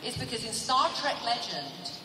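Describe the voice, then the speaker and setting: A woman's voice: on the high side, moderate pace. A woman with an English accent, a guest on a convention panel, telling comic stories to a live audience in a playful, teasing way. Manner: animated, playful, teasing asides to the crowd. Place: large convention hall. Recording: echoey hall recorded from far off with loud crowd. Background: audience laughter and crowd noise.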